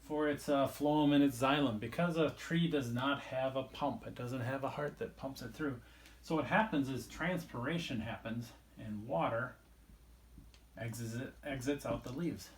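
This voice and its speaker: A man's voice: mid-range voice, slight background noise. A man teaching a recorded biology lesson, explaining casually and rambling a little as he draws and talks through the page. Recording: echoey room.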